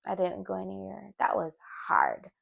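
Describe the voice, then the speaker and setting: A young woman from a Jamaican family looks back on her year in a personal vlog, speaking candidly and reflectively to camera with restarts. Her mid-range voice is creaky with wildly swooping pitch, at a moderate pace, and the sound is lo-fi.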